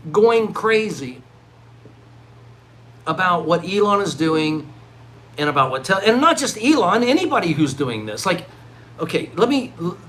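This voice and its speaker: A middle-aged man vlogging live in a rambling monologue, swinging from loud, excited outbursts to low mutters. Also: rough recording. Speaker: livestreaming vlogger.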